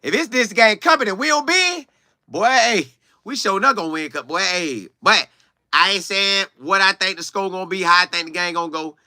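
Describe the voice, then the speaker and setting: A man's voice: high-pitched, normal speed, sharp tone, no room sound, studio quality. A young man hosting a casual livestream, reading viewer comments and answering them, repeating words for emphasis.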